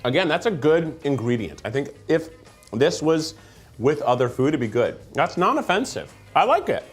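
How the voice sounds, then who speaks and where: A slightly high, husky male voice, very animated, leads a casual tasting chat on a conveyor-belt studio set, with faint music in the background. The host is jokey and rambling, laughing quickly between mouthfuls.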